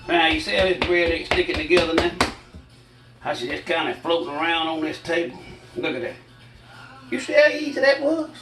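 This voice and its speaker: A man's voice: fairly high pitch, a bit bright, distant mic. An older Southern man talks viewers through a recipe in a homey, chatty drawl, breathing a little hard between phrases. He sounds set back from the mic in an echoey kitchen. Faint music plays underneath. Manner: folksy, chatty, addresses viewers as y'all. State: short of breath. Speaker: cooking channel host. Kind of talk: casual home cooking demonstration. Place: home kitchen.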